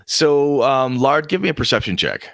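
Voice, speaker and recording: A male game master narrating a tabletop game in an animated, storytelling way. His voice is bright and lively, and the sound is close and dry. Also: medium pitch, moderate pace, vocal fry, dry recording.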